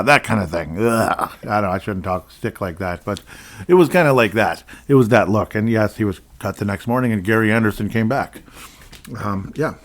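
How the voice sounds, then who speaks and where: A man hosting a casual solo sports podcast, rambling and often correcting himself as he goes. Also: lowish voice. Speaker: podcast host.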